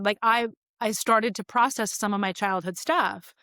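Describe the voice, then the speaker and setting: A woman in her forties speaks as a podcast guest, open and reflective as she tells personal stories. Her voice sits at a middle pitch. The recording is dry, with no room sound. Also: steady tone, moderate pace, bright, forceful tone, no room sound. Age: 40s. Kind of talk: casual conversation.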